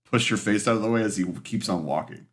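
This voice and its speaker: A man narrating as game master, halting, with many fillers. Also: fairly low pitch.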